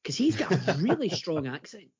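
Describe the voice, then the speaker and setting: A man rants excitably on a podcast, mocking and swearing freely. His slightly husky voice swings up and down a lot, and the recording sounds dull and lo-fi. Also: high voice, moderate pace. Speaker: podcast co-host. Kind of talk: casual chat.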